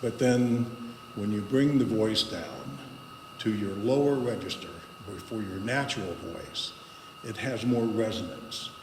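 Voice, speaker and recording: A man speaking to a congregation as a guest speaker, guiding a voice exercise with slow, paused instructions. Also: on the low side, animated. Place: spiritual center meeting hall. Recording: echoey hall with long reverb and background noise.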